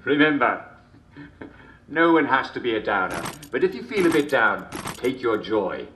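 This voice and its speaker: An actor playing a jovial, sinister English comedy show host in a video game, theatrical and chuckling constantly between jokes. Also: male voice, mid-range voice, very animated, moderate pace, background noise, lightly acted. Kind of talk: scripted video game character performance. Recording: roomy echo.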